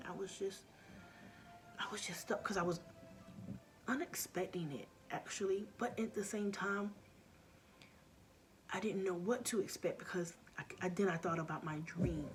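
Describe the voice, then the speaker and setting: A woman's voice: mid-range voice, a little hiss or hum. A middle-aged woman vlogger telling a story in a casual, earnest way, often dropping to a near-whisper.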